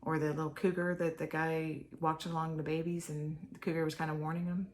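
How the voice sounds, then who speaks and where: An older Texas woman vlogs from her home office, chatting to viewers in a rambling, meandering way and sometimes dropping to a whisper. Her voice is deep and brisk with little pitch movement.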